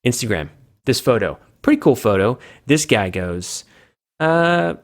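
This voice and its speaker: A man's voice: big pitch swings, a little slow. A man hosting a casual solo video chat for a game community, rambling and correcting himself, playful with made-up words. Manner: acts out fans' reactions with sudden pitch jumps.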